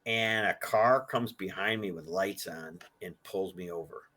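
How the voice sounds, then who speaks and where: Speaking low and unhurried with a sharp edge, this older guest, a presidential car collector, wanders through stories in a relaxed interview. He slips into other people's voices whenever he quotes them.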